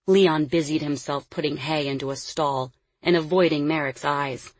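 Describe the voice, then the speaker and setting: Brief: woman narrator for fiction, husky low voice, dry close recording, measured pacing. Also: steady tone, dry recording. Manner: measured storytelling, dropping quiet on dialogue tags. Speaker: audiobook narrator. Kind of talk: scripted narration.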